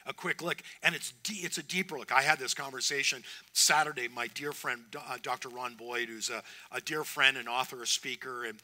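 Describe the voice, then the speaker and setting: A man's voice: mid-range voice, brisk, few pauses, bright, forceful tone. A man preaching a sermon as pastor, earnest and emphatic, often restarting his phrases.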